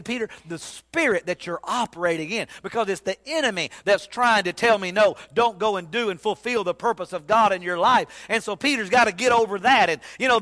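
A man preaching a sermon, telling the story in an animated, folksy way with sudden loud bursts. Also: high-pitched. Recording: long hall reverb.

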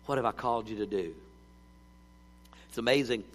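Preacher guy, storytelling sermon, gets loud then goes real quiet, big echoey hall. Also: mid-range voice, moderate pace, slight background noise. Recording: long hall reverb.

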